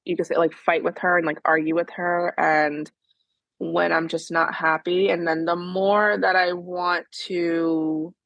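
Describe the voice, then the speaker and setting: Woman, mom, lowish gravelly voice, rambling casual talk, dry sound. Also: little pitch movement, a little slow, fairly bright tone, no echo, dull audio. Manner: rambling, many fillers. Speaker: mother in coaching. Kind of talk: casual chat.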